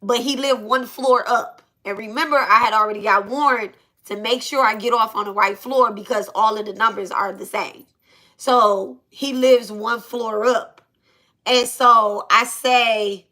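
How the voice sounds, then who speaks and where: Animated Black woman telling a story. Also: a little high, measured pace. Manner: animated, repeats phrases, swears freely. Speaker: channel host. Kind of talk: casual storytime.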